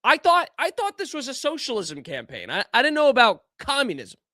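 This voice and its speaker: A young man hosting a podcast, giving casual political commentary in an animated, incredulous way that keeps trailing off and restarting. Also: extremely high pitch, a little fast, no echo, studio quality. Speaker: podcast host.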